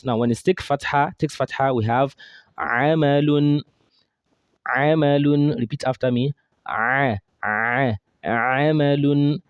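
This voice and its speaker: A man teaching Quran recitation, drilling throat sounds slowly with exaggerated demonstrations and quizzing his listeners as he goes. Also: medium pitch, darkish tone, dry recording, studio quality. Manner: drills sounds slowly, asks and answers his own questions. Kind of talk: pronunciation lesson.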